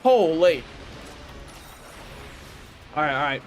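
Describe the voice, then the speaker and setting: A young American man chatting casually while streaming a game, rambling and correcting himself with sudden excited outbursts. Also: high-pitched, normal speed, a little hiss or hum. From United States. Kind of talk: casual gaming livestream chat.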